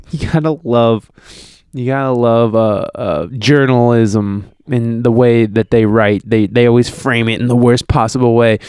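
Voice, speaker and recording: A man's voice: medium pitch, steady tone, a little slow, a little mellow, clear, resonant tone, no echo, studio quality. A man casually chatting as a podcast host, crude and rambling, with many fillers and restarts as he reads news stories aloud.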